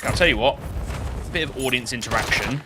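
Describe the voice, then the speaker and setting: A man's voice: medium pitch, a little fast, noisy background. A man live-streaming a shooter game, chatting loosely to his viewers with lots of restarts. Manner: rambling and chatty, many restarts. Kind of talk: live-stream gaming commentary.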